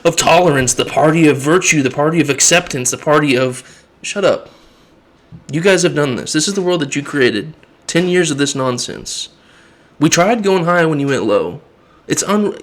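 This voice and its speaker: A man's voice: a little high, expressive, fairly quick. A man hosting his own channel, giving an impassioned, exasperated political rant. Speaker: political commentary host. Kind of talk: ranting political vlog.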